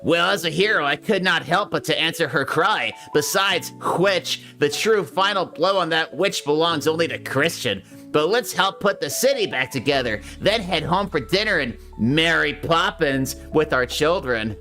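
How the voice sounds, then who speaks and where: Guy doing a heroic hedgehog hero voice, higher than his own, earnest and upbeat. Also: lively intonation, moderate pace, sharp tone, soft background music.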